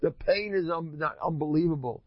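A man teaching a Torah class, telling the stories in an animated way and acting out the characters. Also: on the high side, fairly quick, no echo, dull audio.

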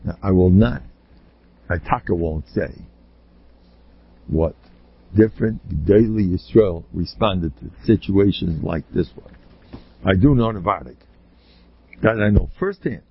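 A man, a rabbi, delivering a blunt and emphatic Torah lecture full of rhetorical questions, often pushing up into high exclamations. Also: measured pace, long pauses, slightly rough. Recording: slightly dull, lo-fi recording.

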